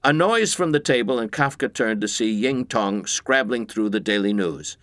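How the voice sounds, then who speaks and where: A man reading a comic story aloud in scripted narration with a deadpan, expressive delivery. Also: fairly low pitch, moderate pace, no echo, clean studio sound.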